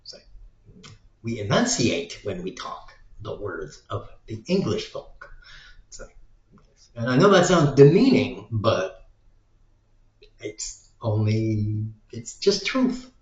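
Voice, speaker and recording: A man's voice: fairly low pitch, very animated, takes it slowly, pauses often, darkish tone. A man talking in a casual, rambling monologue as a vlogger, packing his talk with "like". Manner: rambling, heavy use of "like" filler. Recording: echoey room, dull lo-fi sound.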